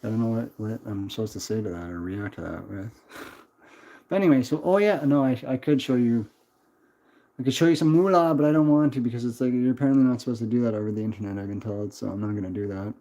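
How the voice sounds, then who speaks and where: A man's voice: medium pitch, quick pace, mellow. A man in his twenties chatting on a casual livestream, rambling, swearing and answering chat. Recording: dull lo-fi stream audio.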